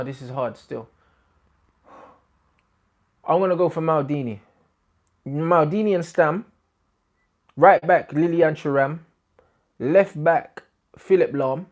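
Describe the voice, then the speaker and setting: Young male host, casual football banter, excitable and slangy. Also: fairly high pitch. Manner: animated slang-heavy banter, bursts of excitement. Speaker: YouTube host. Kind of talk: casual football chat to camera.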